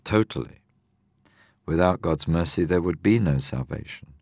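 A man, older, explaining a Bible parable in a measured, teaching way on a discussion program. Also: deep voice, expressive, gravelly, darkish tone, no room sound, clean studio sound. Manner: measured, explanatory, reads scripture aloud.

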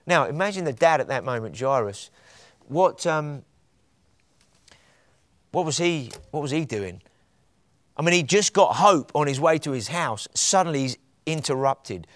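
Passionate preacher, slightly high voice. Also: male voice, lively intonation, a little slow, pauses often, no room sound, studio quality. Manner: passionate, building to emphatic peaks. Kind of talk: sermon.

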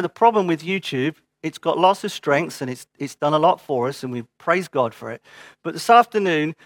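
A man's voice: a little high, a bit bright, dry recording. Earnest man preaching, close and dry. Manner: earnest, emphatic exhortation with short repeated phrases. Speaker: pastor. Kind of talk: sermon, then church notices.

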